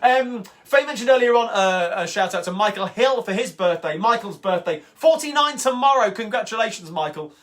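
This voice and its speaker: A man's voice: high-pitched, lively intonation, normal speed, few pauses, fairly bright tone. A man hosting a singalong livestream, chatting casually and eagerly between songs with plenty of ums and uhs. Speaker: singalong host. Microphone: home livestream mic. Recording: guitar music close behind the voice.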